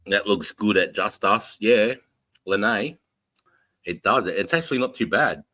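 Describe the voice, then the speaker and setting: A man's voice: on the low side, expressive, a little slow, sharp tone. An Australian man in casual podcast chat, easygoing and sweary. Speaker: podcast co-host.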